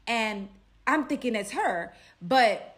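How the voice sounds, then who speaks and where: A young woman, spinning a dramatic storytime in a chatty, casual way. Her voice sits fairly high, and she keeps checking in with listeners with "right?". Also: expressive, slow. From Brooklyn, New York. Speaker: storyteller vlogger.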